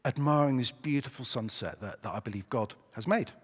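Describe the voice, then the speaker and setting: A man's voice: mid-range voice, a little fast, slightly rough, natural voice. A man doing a cheerful, agreeable believer. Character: friendly mild male believer answering questions. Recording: echoey church hall.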